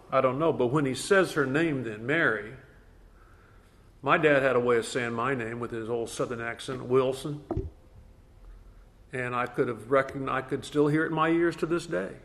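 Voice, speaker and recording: A man leading a Bible study class in a conversational way, asking the group questions. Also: a little high.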